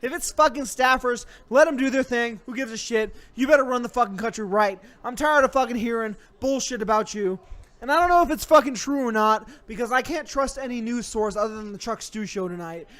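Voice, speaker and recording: Very high-voiced man ranting angrily. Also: a little fast, a bit bright. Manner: angry, swearing constantly, mock-threatening. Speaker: host. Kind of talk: comedic profane rant.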